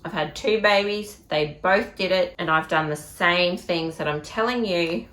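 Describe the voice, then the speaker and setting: Emphatic Australian mum, low voice, echoey room. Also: female voice, unhurried, fairly bright tone, a little hiss or hum. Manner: emphatic, direct, chatty. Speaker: parenting vlogger. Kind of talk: casual advice vlog.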